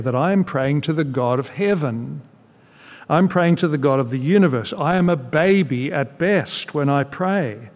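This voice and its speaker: A male preacher delivering a sermon in an earnest, measured way and leaning on emphatic pauses. His voice sits at an ordinary middle pitch. It carries a long reverb, as if from a large church hall.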